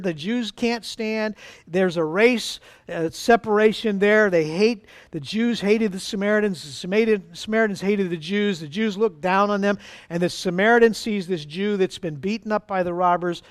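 A man's voice: high voice, dry recording, studio quality. A man preaching an earnest, emphatic sermon to his congregation as their pastor.

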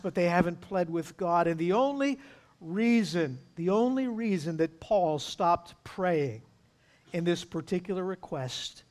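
A man's voice: sits high, darkish tone. A man preaching a sermon as pastor, emphatic, acting out voices from the scripture. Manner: emphatic, acts out pleading voices.

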